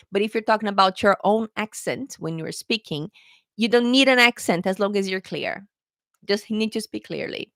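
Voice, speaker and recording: A woman's voice: medium pitch, a bit bright, no room sound. A woman tutoring English test takers in a casual live question-and-answer lesson, chatty and often adding "okay, guys".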